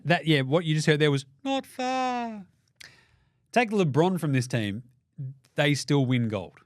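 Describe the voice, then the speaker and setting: A young Australian man hosting a basketball show, with profane, energetic, jokey banter. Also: a little high, measured pace, long pauses, no echo, studio quality. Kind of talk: casual sports commentary.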